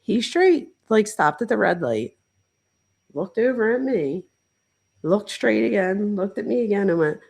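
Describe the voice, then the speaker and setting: A woman's voice: medium pitch, normal speed, gravelly, a little mellow, breathy edge, low-quality recording. A woman hosting a casual livestream. She talks straight to her viewers in a chatty way, full of "like" fillers. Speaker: host and professor reading live chat.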